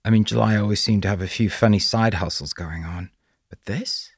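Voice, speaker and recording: A man's voice: fairly low pitch, fairly quick, husky, no room sound, studio quality. A man voicing an earnest, caring female schoolteacher.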